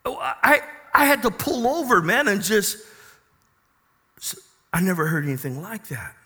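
A male pastor preaching a sermon who swings from quiet storytelling to loud, joyful exclamations. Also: high-pitched, sing-song, unhurried, breathy edge, in a large hall.

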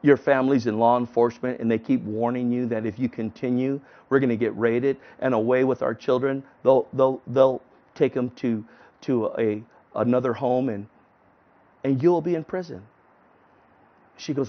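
A man telling a personal testimony in an earnest, halting way, often restarting his sentences. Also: mid-range voice, fairly even intonation. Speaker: testimony speaker. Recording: dull lo-fi recording.

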